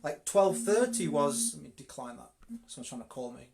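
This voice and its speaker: A man's voice: on the high side, expressive, normal speed, creaky, a crowd in the background. A man with a Yorkshire accent giving a live-streamed network marketing coaching talk, direct and emphatic, often repeating words for stress. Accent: Yorkshire English.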